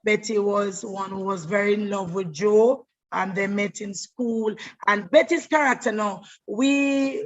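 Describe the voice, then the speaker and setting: A middle-aged actress, telling her life story in an animated way, often repeating words as she goes. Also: mid-range voice, a little slow, lo-fi sound. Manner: animated, repeats words, breaks into voices and laughter. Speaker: stage actress. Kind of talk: personal storytelling monologue.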